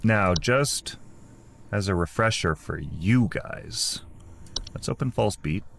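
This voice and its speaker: A man's voice: deep voice, lively intonation, slow pace, creaky. A man playing a game, joking around and reading its text aloud in casual commentary. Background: game music.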